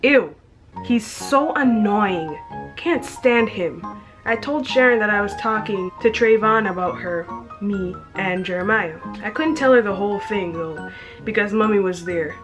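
A woman's voice: mid-range voice, measured pace, music in the background. A young woman reading her teenage diary aloud, breaking off for chatty, self-mocking asides and frequent giggles. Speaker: vlogger.

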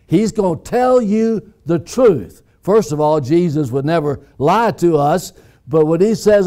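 A man preaching a sermon as pastor, deliberate and emphatic, repeating key phrases. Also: a little high, expressive, mellow. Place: church sanctuary.

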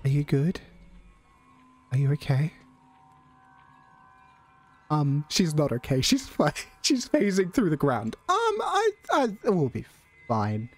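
Excitable let's-play commentator. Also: mid-range voice, takes it slowly, long pauses, breathy edge. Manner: excitable, jokey, reacts out loud. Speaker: gaming channel host. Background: game music.

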